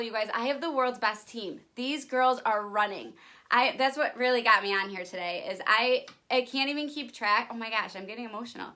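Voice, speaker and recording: A young woman speaks straight into her phone camera with breathless enthusiasm, her voice sitting a little high and sounding bright and tense. She gushes to her viewers, leaning on "you guys" and "like" as she pitches her business. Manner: gushing, excitable, says "you guys" and "like" a lot. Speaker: direct sales promoter. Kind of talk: upbeat direct-to-camera vlog pitch.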